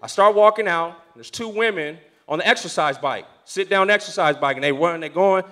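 A pastor telling a story from the pulpit, animated and acting out the voices of the people in it. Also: male voice, high-pitched, brisk. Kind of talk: storytelling sermon.

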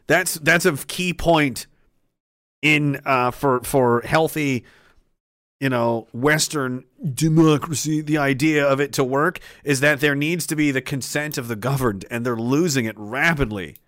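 A man's voice: medium pitch, a little slow, a bit bright, no echo, studio quality. A man talking politics in a rambling, profane way, laughing often. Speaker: commentator. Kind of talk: political commentary vlog.

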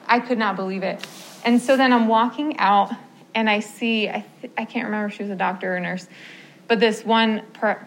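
A woman's voice: mid-range voice, a little hiss or hum, poor audio. A woman music therapist giving an informal talk to colleagues, telling stories with lots of quoted dialogue and filler words. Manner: storytelling with quoted dialogue, frequent um and like.

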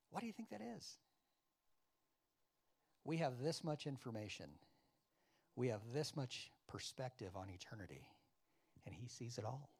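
A man preaching a sermon, acting out dialogue and questioning his congregation, loud one moment and quiet the next. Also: mid-range voice. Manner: animated, acts out biblical dialogue with wide swings in loudness; addresses the congregation with questions and asides. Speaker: pastor.

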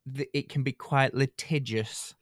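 A man's voice: medium pitch, steady tone, unhurried, no echo, clean studio sound. A man rambling and hesitating through a casual comedy podcast chat. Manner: rambling, hesitant, tangent-prone. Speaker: podcast co-host.

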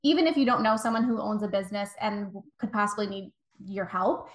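A woman's voice: medium pitch, fairly quick. A woman in her thirties, a guest coach giving chatty, encouraging advice and acting out little quoted exchanges. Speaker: guest, virtual assistant coach. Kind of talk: casual podcast interview. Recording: echoey room.

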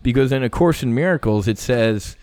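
Animated middle-aged man telling stories. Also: medium pitch, brisk, no echo. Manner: animated, casual, swears, acts out quoted voices, many "you know" fillers. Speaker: podcast guest, former fighter pilot. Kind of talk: casual conversational storytelling.

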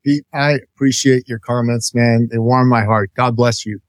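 A man's voice: medium pitch, fairly even intonation, normal speed, no room sound, studio quality. A man who is an author, a guest on a business podcast, explaining ideas in a confident, upbeat coaching manner. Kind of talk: interview answer, explaining concepts.

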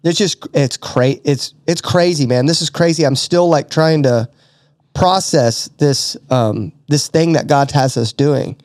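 Brief: middle-aged male podcast host, slightly high voice, dry close sound, earnest and emotional, stumbles and restarts. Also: measured pace, darkish tone, dry recording. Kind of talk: casual faith talk.

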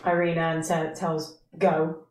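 A woman playing a tabletop game, calmly describing what her character does. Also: lowish voice, a crowd in the background. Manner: unhurried, narrating her character's actions. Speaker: player. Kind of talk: casual tabletop game chat. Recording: distant, roomy recording with clear noise.

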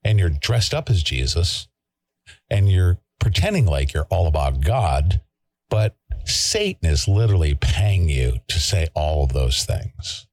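A deep-voiced male host in the middle of a fired-up monologue. His pitch swings widely as he hammers points home, repeats himself and throws in mild swears. The sound is dry and close-miked. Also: very animated, a little slow, darkish tone, dry recording. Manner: emphatic, preachy, repeats himself and swears mildly. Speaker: show host. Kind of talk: heated talk-show commentary.

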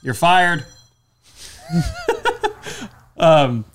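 A podcast co-host with a higher-pitched voice stretches out his words as he chats casually. He is a lively storyteller who acts out the quotes in his tales.

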